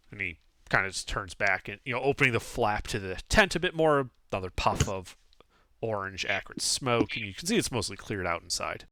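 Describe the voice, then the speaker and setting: A man's voice: lowish voice, fairly quick, no echo. A man narrating a tabletop game as game master, rambling and full of fillers. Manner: animated, rambling with many fillers.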